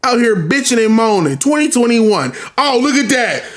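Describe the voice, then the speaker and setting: Podcast host, male, very high voice, exasperated profane rant in an echoey room. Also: very animated, normal speed. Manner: profane, exasperated, rhetorical questions. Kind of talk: casual ranting commentary.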